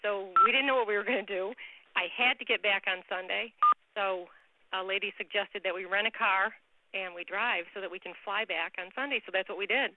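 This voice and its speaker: A woman's voice: mid-range voice, fairly quick, background noise. A woman telling a personal story on a conference call over a phone line, earnest and emotional. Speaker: caller sharing a story.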